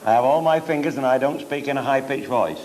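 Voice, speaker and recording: On stage, an older after-dinner comedian from Cheshire rattles off bawdy stand-up anecdotes at a quick pace, chuckling as he goes. His mid-range voice carries over a noisy crowd, and the live recording picks up plenty of laughter.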